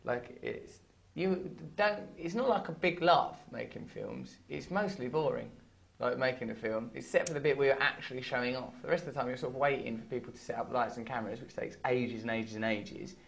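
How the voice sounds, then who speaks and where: A man in his thirties with an English accent, a comedian guest in an interview, rambling through absurd deadpan jokes. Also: medium pitch, a little fast, vocal fry, hardly any pauses. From England. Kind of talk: playful interview banter.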